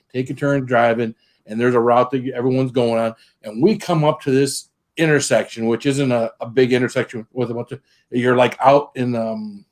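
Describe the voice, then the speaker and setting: Mid-pitched man telling a rambling story. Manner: rambling anecdote-telling with restarts and swearing. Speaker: guest. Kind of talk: casual chat.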